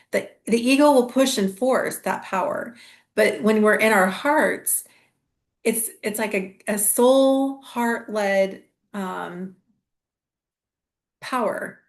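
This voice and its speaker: Woman musing in a meandering spiritual talk. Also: mid-range voice. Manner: meandering, with many restarts and fillers. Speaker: astrology channel host. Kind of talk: reflective spiritual monologue.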